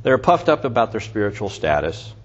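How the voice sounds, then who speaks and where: A man's voice: fairly low pitch, very animated, brisk. A man teaching through a Bible passage in a conversational way, with restarts and asides. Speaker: preacher. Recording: dull lo-fi recording with faint noise.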